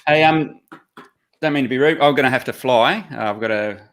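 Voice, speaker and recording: An Australian man chatting as a guest on a live call, friendly and relaxed, with halting restarts. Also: medium pitch. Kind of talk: casual chat.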